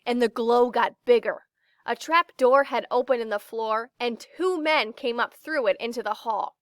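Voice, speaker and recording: A woman's voice: on the high side, no room sound, clean studio sound. Woman reading a children's story aloud. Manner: slow, expressive storytelling. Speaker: narrator. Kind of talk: children's book read-aloud.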